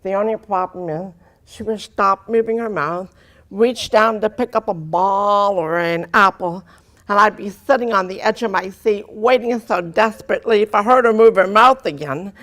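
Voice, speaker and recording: A woman's voice: mid-range voice, a bit bright. Woman with a distinctive deaf speech pattern. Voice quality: distinctive deaf speech with unusual vowels and articulation. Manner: earnest storytelling with dry humor. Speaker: speaker giving a personal testimony. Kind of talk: testimony talk to an audience.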